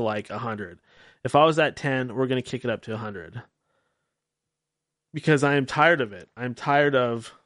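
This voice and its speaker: A man's voice: medium pitch, dry recording, studio quality. A man hosting a radio-style podcast, talking in a rambling, candid, self-mocking way and swearing freely. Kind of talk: casual solo talk-show monologue.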